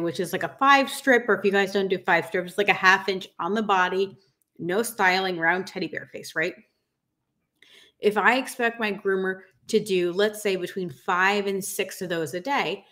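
A woman's voice: medium pitch, a bit bright. A woman in her thirties, a dog grooming business coach, ranting frankly and emphatically to camera and calling her viewers "guys". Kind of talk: casual rant to camera.

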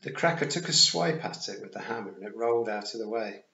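A man reading a novel aloud in an expressive, lively storybook narration. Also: lowish voice, fast talker, creaky. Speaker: audiobook reader. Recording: roomy, dull home recording.

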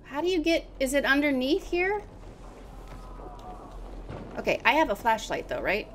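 Woman, gaming streamer, excitable, exclaiming, fairly high pitch, faint noise behind. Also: moderate pace. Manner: excitable, exclaiming, laughing often. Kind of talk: casual co-op gameplay commentary.

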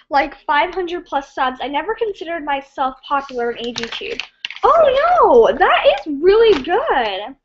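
A woman hosting a casual live stream, reading viewer comments in an excitable, scattered and giggly way. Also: very high voice, dull audio, slight background noise.

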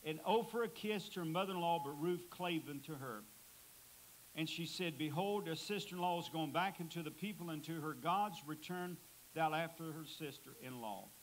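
A high-pitched man preaching a sermon in a church, pressing hard on key words and lifting his voice to drive them home. His voice sits well above the usual male range. A faint hiss runs under the recording. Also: normal speed, low-quality recording. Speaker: guest preacher.

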